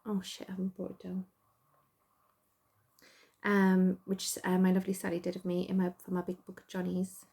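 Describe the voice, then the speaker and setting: A woman's voice: on the low side, completely flat delivery, moderate pace, vocal fry, long pauses, a little mellow. A middle-aged woman with a Geordie accent, chatting casually and rambling as host, self-deprecating and full of fillers. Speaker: podcast host. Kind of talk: casual chat.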